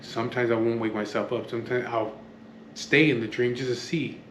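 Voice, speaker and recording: A man's voice: medium pitch, steady tone, brisk, a bit bright, echoey room, a little hiss or hum. A man telling a story casually to camera from his home, rambling, swearing often and drifting into asides. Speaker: vlogger. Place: at home, near an open door to the street.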